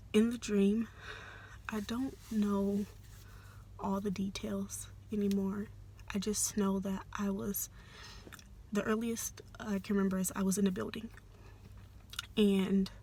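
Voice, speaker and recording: A young adult woman telling a personal story in a soft, hesitant, often half-whispered way, with many fillers. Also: medium pitch, slight background noise. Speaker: vlogger.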